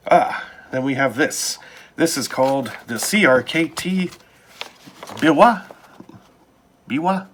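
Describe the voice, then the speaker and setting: A man's voice: medium pitch, animated, a little slow, fairly bright tone, a little hiss or hum. A man casually talking through a knife unboxing, with wry asides muttered to himself.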